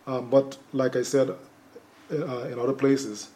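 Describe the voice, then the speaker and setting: A man, a government weather official, answers an interviewer's questions with measured explanations. He pauses often with "um" as he works through his points. His pitch sits in the middle range. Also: steady tone, dark tone, rough recording. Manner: measured, explanatory, with frequent fillers. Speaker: chief hydrometeorological officer, studio guest.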